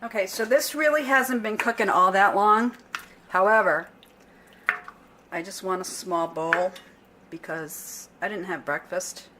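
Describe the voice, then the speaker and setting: A woman's voice: medium pitch, a little slow, pushed and bright, a little hiss or hum. A middle-aged woman chats her way through a home cooking demo in an easygoing, unscripted voice. She often trips over a word and backs up to fix it. Pots and cutlery clink faintly behind her in the kitchen. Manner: chatty and unpolished, restarts and corrects herself. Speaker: home cook vlogger. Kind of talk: casual cooking demonstration. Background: clinking pots, pans and cutlery.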